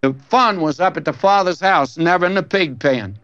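A man's voice: high-pitched, moderate pace, fairly bright tone, no echo, soft background music. A man preaching a sermon as a pastor, telling a story in a folksy, conversational way. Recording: dull, dry lo-fi recording.

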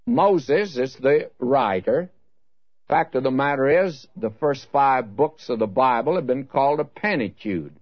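A man's voice: medium pitch, dry recording. Earnest man teaching the Bible, lo-fi. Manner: earnest, addresses listener as "my friend". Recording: dull dry lo-fi recording.

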